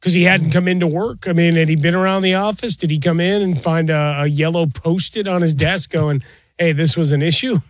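A man's voice: fairly high pitch, fairly even intonation, a little fast, dry recording. A man hosting a casual chat, giving brief reactions and then a musing follow-up question.

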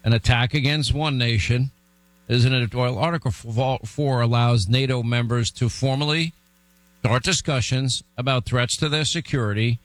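A man's voice: mid-range voice, moderate pace, no echo, rough recording. A man hosting a political talk show, telling stories bluntly with lots of restarts. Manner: blunt, animated storytelling with restarts.

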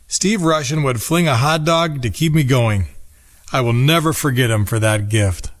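A man in his fifties from Minnesota reading a nostalgic personal essay in a measured, reflective way. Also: a little high. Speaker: narrator. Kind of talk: scripted personal essay narration.

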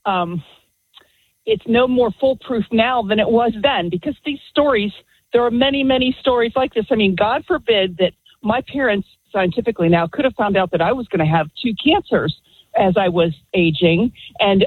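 A woman caller on a call-in radio show, heard through a tinny phone line. Her voice is a bit husky, and she speaks firmly and deliberately, with real conviction. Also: medium pitch, no room sound. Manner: firm, impassioned, deliberate.

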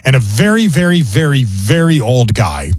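A man's voice: medium pitch, sing-song, normal speed, a little mellow, breathy edge, no room sound. A man hosting a radio show, telling jokey stories in casual banter. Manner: jokey storyteller, mock pronunciations.

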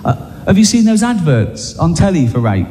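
A man doing stand-up comedy, acting out bits in quick asides. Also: sits high, heavy background noise. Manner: animated, acts out characters in quick asides. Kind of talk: live stand-up set. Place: theater stage. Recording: echoey hall, live room ambience.

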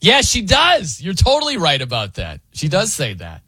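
A radio host chats casually with his co-host, laughing often and imitating how other people pronounce things. His bright, slightly rough voice swoops wildly in pitch at a moderate pace. The studio recording is dry and close.

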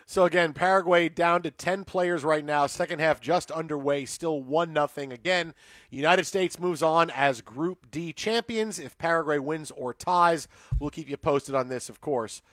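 A man's voice: on the high side, moderate pace, a bit bright, dry recording, studio quality. A man hosting sports radio, giving score updates and telling rambling stories with lots of fillers. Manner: rambling storyteller with many fillers.

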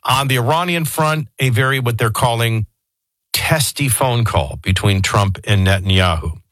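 A man's voice: medium pitch, normal speed, a bit bright, no room sound. A man hosting a radio morning show, talking in a jokey, sarcastic way. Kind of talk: casual radio talk.

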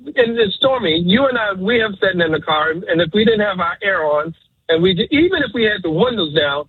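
A man phones into a radio show, emotional and preachy as he repeats his message. His voice is husky and sits a little high. It comes through a thin, phone-like line. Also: animated, normal speed, dry recording. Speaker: radio caller. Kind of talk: call-in radio talk.

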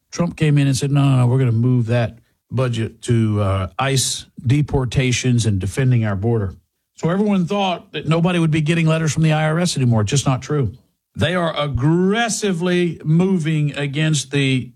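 Man reading a radio ad. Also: on the high side. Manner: urgent, direct address to listener. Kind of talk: host-read advertisement.

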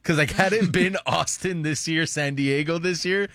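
A man's voice: a little high, normal speed, fairly bright tone, dry recording. A man co-hosting a radio show, making dry quips in casual banter.

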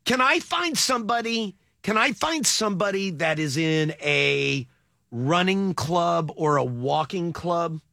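A man hosting a radio show, his voice bright and high with a lively swing. He banters in a playful, teasing way. The sound is close and dry. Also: vocal fry, no echo. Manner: playful, joking, quick to tease. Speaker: radio host.

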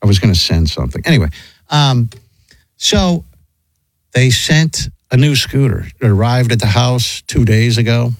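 A middle-aged man rambles through a story with many restarts, acting out the other people in it. His pitch swings up and down a lot. The sound is dry and close, with no room around him. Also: moderate pace, no room sound. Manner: rambling, animated, lots of restarts and acted quotes. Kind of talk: casual storytelling chat.

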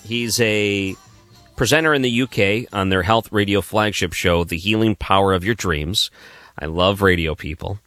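A man's voice: on the low side, moderate pace, a bit bright, dry recording, faint music behind. A man guest-hosting a late-night radio talk show, chatting casually and inviting callers. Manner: chatty, friendly asides. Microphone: studio microphone.

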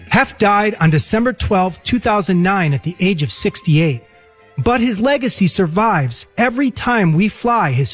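A man's voice: sits high, breathy edge. A man reading scripted narration for a radio story segment.

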